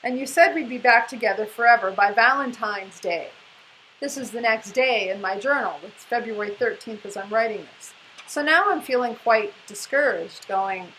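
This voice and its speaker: A woman in her forties reads aloud from her old journal in an earnest voice that keeps slipping into laughter. Her voice sits a little high for a woman, and a faint hiss runs under the recording. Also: normal speed, pushed and bright, rough recording. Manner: earnest reading, often breaking into laughter. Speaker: co-host sharing her spiritual journey. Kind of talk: casual chat, reading aloud from an old journal.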